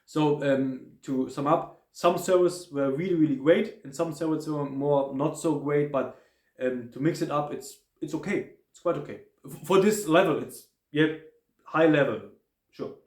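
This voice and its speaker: A man with a German accent giving a casual spoken hotel review, halting, with many fillers and restarts. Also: fairly high pitch, echoey room.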